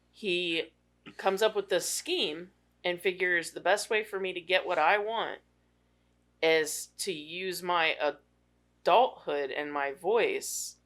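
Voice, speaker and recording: Bright-voiced casual podcast co-host. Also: male voice, high voice. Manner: relaxed, reflective, with frequent fillers. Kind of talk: casual movie discussion.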